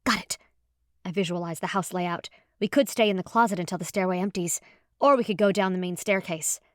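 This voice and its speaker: A woman narrating a first-person audiobook in a lively, expressive storytelling manner. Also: fairly low pitch, fairly quick, dry recording. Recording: dry close studio sound.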